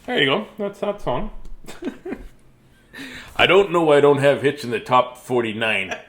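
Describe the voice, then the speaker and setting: A man's voice: medium pitch, sing-song, measured pace, fairly bright tone. A man in his fifties reading children's books aloud, joking, singing silly rhymes and chatting between pages. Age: 50s. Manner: goofy, sings silly rhymes, jokey asides. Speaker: children's book reader. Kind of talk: playful read-aloud with banter.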